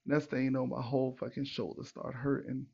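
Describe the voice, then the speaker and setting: A man hosting a podcast, telling a story in a casual, animated and profane way, acting out what people said. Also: medium pitch, fairly quick, vocal fry, breathy edge, highs cut off. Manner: animated, profane, retells with acted quotes. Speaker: podcast host.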